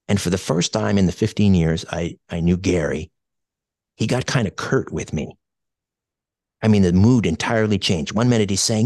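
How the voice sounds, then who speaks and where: Low-voiced man telling a story, dry sound. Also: fairly quick, darkish tone, dry recording. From Canada. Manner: hesitant and reflective, many fillers and restarts. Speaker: radio show co-host. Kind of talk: personal storytelling.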